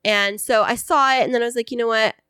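A woman's voice: on the high side, fast, smooth, no echo. A woman co-hosting a podcast, casually chatting and telling a story with lots of fillers and acted-out voices. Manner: chatty, animated storyteller who acts out voices. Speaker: podcast co-host.

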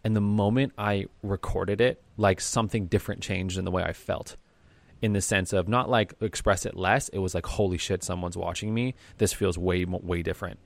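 A man's voice: low-pitched, steady tone, a little fast, gravelly, no room sound. A man co-hosting a podcast, talking in a reflective, earnest way with frequent fillers. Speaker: podcast co-host. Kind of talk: casual podcast conversation.

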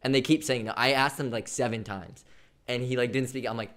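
Mid-pitched man, volleyball player, asks in a halting, curious way. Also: steady tone, a bit bright. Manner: questioning, halting restarts. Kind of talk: casual podcast chat.

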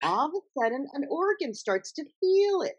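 A woman author talking as an interview guest, telling her story in an emphatic, animated way. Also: high-pitched, normal speed, dull audio. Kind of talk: conversational interview.

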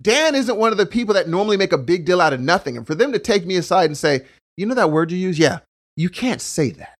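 A man in casual conversation, talking in an animated way and acting out the voices he quotes. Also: high-pitched, quick pace.

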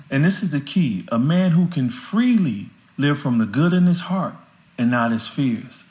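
Earnest guy on a podcast, slightly high voice, gets fired up and heartfelt. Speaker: guest. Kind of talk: podcast interview conversation.

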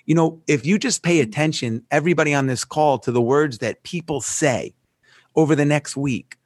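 A man's voice: fairly high pitch, moderate pace, dry recording, studio quality. A man telling a story as a podcast guest, acting out the dialogue with animation. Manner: animated storyteller who acts out quoted dialogue.

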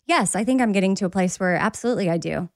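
A woman's voice: mid-range voice, lively intonation, rapid-fire, no echo, studio quality. A woman in her thirties co-hosting a podcast, a mom who also works in live radio, talking in a casual chatty way. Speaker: podcast co-host. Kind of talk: casual chat.

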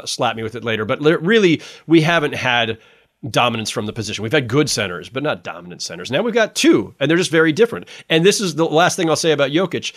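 A man, a sportswriter guest, chatting casually on a sports podcast and laughing between points. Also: mid-range voice. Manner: animated, restarts often, laughs between points.

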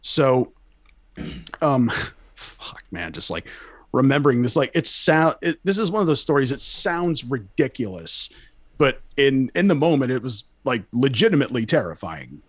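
A man's voice: mid-range voice, sing-song, moderate pace, no echo, clean studio sound. Rambling, profane young man. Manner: profane, rambling, lots of fillers and restarts. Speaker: storyteller guest. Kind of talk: casual storytelling among friends.

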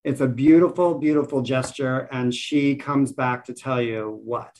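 A man's voice: medium pitch, fairly even intonation, a little slow, darkish tone. A young man hosting a podcast, gushing with enthusiasm in casual chat. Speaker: podcast host.

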